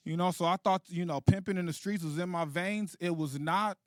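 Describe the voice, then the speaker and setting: A man in his late thirties doing a stand-up comedy set, animated and profane, laughing at his own jokes. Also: high voice, brisk, no room sound, studio quality. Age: 30s. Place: comedy stage.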